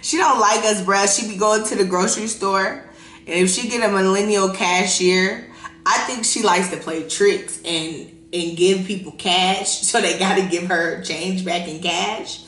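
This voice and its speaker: A woman in her thirties hosting a podcast, talking in a profane, laughing, animated way, with a casual and unfiltered delivery. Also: medium pitch, unhurried, roomy sound. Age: 30s. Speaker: podcast host.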